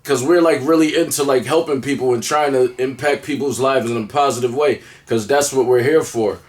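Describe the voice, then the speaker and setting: A man at a middle pitch hosts a casual conversation. He speaks supportively and sincerely, mostly with brief affirmations. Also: fairly quick. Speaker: host. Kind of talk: casual chat.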